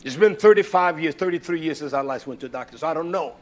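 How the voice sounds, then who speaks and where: A middle-aged male preacher giving a sermon, swinging from shouted preaching to low, muttered storytelling. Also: fast talker, a little hiss or hum.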